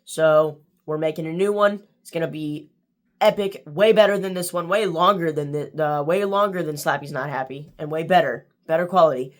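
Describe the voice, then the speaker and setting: Rambling monotone male book vlogger. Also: on the high side, moderate pace. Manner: rambling, full of fillers and restarts. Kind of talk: casual video outro.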